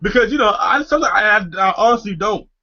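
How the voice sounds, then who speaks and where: A young man spins a profane, rambling story in casual chat, his voice bright and lively, rising and falling a lot. He keeps restarting his sentences. The sound is dry and a bit dull. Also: high-pitched, fast talker, no echo. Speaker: podcast host telling a story.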